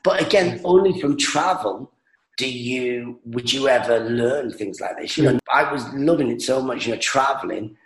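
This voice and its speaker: A stand-up comedian rambles through his stories in a casual chat, full of fillers and restarts. His voice sits at an ordinary pitch and rings in an echoey room. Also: moderate pace. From England.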